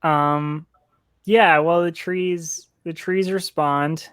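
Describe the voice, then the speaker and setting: Man, game master, easygoing, laughs often, higher pitch, dry sound. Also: steady tone, extremely slow, a bit bright, clean tone, dry recording. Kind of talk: running a tabletop game.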